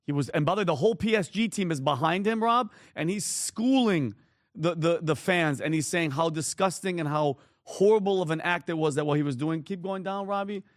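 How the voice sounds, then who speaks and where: Fired-up guy ranting on a talk show, bit high voice, dry close mic. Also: fairly quick, no room sound. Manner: emphatic, worked-up, directs the screen operator. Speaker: co-host. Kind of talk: heated political commentary.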